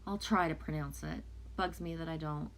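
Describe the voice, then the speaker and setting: A chatty, easygoing woman with a French-speaking background talks through oracle cards in a live stream, her voice sitting a touch low. She rambles loosely and answers her viewers as she goes. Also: moderate pace. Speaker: oracle card reader. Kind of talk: casual live-stream card reading.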